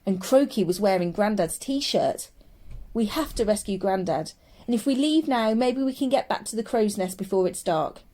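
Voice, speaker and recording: A woman's voice: medium pitch, animated, moderate pace, mellow, pitched above the performer's own voice, natural voice. A woman voicing an earnest young boy who pleads urgently to rescue his family. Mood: eager. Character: earnest determined young boy, the narrator-hero.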